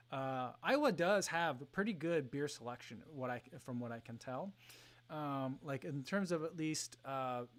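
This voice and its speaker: A man in his thirties hosting a casual livestream, reading chat messages aloud with frequent ums and soft laughs. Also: mid-range voice. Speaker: livestream host.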